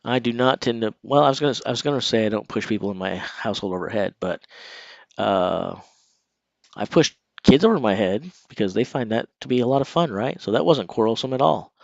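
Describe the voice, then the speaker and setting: A man's voice: mid-range voice, lively intonation, brisk, creaky, no echo, muffled recording. A man hosting a casual live stream, chatting straight to his viewers. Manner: conversational, talks straight to viewers.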